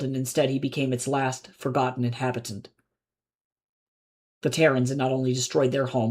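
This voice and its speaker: A man, the author, reading his own novel aloud live in measured, low-key narration. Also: darkish tone, husky.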